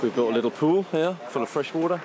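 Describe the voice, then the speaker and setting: Brief: crew man, rapid and offhand, loud outdoor noise. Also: fairly high pitch, expressive. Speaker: crew member on location. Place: outdoor film location.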